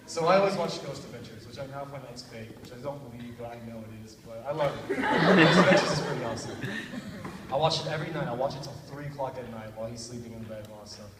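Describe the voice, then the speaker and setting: A man's voice: mid-range voice, quick pace, crowd noise. A young man doing stand-up comedy, telling a rambling story and laughing at his own jokes. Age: young adult. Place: hall at a talent show. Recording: echoey hall from far off.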